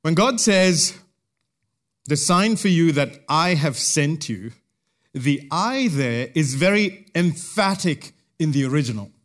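A man preaching an expository sermon, teaching through a passage verse by verse in a measured way with emphatic pauses. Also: on the high side, expressive, fairly bright tone.

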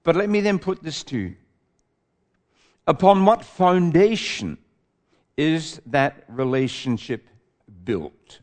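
A man with an or lilt preaches in a sermon, his voice a touch high for a man. He takes his time, swelling on the words he wants to stress and then sinking to a hush at the end of a phrase. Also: lively intonation, slow, pauses often. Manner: emphatic, swelling on key words then dropping low.

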